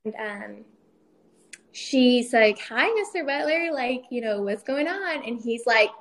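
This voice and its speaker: A woman's voice: on the high side, lively intonation, slow, a little hiss or hum. A young woman, a military spouse, telling a story in casual chat, acting out quoted lines and laughing often.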